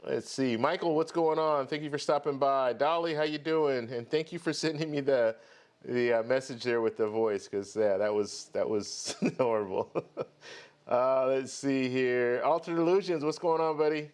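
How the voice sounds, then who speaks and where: A man's voice: medium pitch, normal speed. A man hosting a live stream about travel rewards, talking casually and greeting viewers one by one. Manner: chatty, greets viewers by name. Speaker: host of a travel credit card channel.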